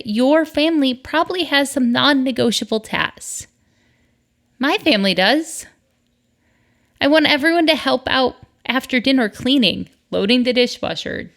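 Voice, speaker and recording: A woman's voice: high-pitched, a bit bright. A middle-aged woman from the northern United States hosting a solo podcast, chatty and upbeat, with asides. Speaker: podcast host.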